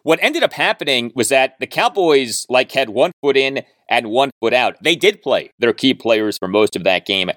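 Casting: male sports podcast host, 40s, animated delivery, dry close-miked sound. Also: medium pitch, no room sound. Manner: brisk, reading listener emails with dry jokes. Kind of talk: sports talk podcast monologue.

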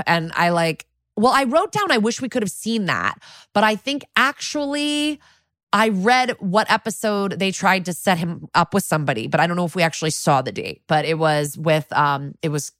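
A woman with a low voice hosts a casual recap podcast. She tells the story with animated energy, briefly acting out characters' lines. The sound is dry and close. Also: brisk, no room sound. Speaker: podcast co-host.

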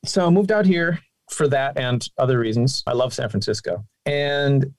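A man telling his career story as an interview guest, animated and chatty, his voice jumping up when he quotes people. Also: moderate pace, dry recording. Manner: animated, with sudden pitch jumps. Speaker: guest, game sound designer and singer.

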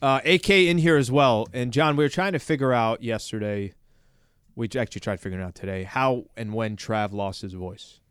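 A man hosting a sports radio show, steering the conversation in quick, casual banter. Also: mid-range voice, fairly bright tone, smooth, no room sound, clean studio sound.

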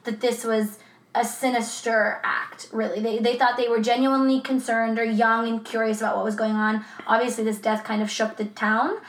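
A woman's voice: fairly high pitch, flat delivery, normal speed, reverberant. A woman co-hosting a true crime podcast in a casual, swearing, laughing chat. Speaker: podcast co-host.

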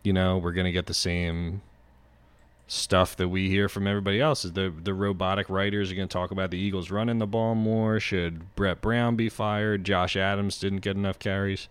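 Deep-voiced rambling man. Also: little pitch movement, a little fast, clean tone, no room sound. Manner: rambling, swears, goes off on riffs. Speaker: podcast host. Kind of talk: casual sports chat.

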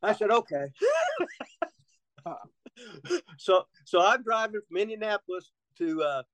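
A man's voice: high-pitched, normal speed, a bit bright, no echo, poor audio. A man telling rambling, profane stories as a guest in a casual interview, laughing often.

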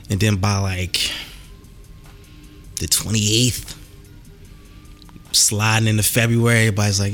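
A man hosting a podcast, ranting in a loose, profane way. His voice sits a little low, with soft music faint behind him. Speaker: podcast host. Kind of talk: casual chat.

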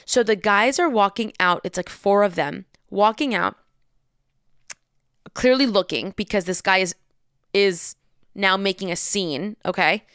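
A young woman telling a story in a lively, casual way, acting out the people in it and swearing freely. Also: medium pitch, unhurried, pauses often, clean tone, dry recording, studio quality. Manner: animated, acts out voices, swears freely.

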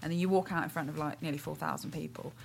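Woman comedian as a radio guest, fast and chatty, self-deprecating, lowish voice. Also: steady tone, creaky, heavy background noise. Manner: chatty, self-mocking, jokey. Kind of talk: casual radio chat.

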